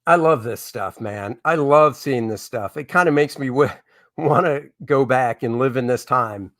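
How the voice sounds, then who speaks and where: A man's voice: mid-range voice, measured pace, a bit bright, no echo, clean studio sound. A middle-aged man hosting a comics live stream, chatting casually and reading viewer comments in a rambling way. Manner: rambling, chatty, with many fillers and asides.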